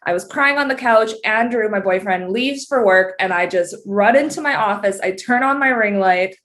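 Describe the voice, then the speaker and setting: A woman's voice: mid-range voice, moderate pace, a bit bright. Laughing Canadian woman guest. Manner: open, laughs often. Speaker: podcast guest. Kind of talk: casual interview chat.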